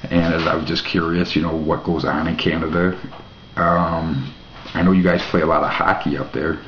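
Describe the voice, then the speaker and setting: Man, very low voice, rambling, mock-naive questions, dry jokes, echoey room, dull lo-fi mic, faint hiss. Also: flat delivery, moderate pace, fairly bright tone. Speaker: vlog host. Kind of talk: casual rambling monologue to camera.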